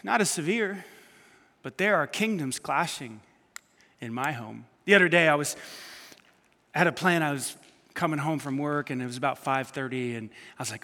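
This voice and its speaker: A man preaching a sermon, telling personal stories with lively swings between quiet asides and loud emphatic bursts. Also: a little high, normal speed, long pauses. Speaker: pastor. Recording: long hall reverb.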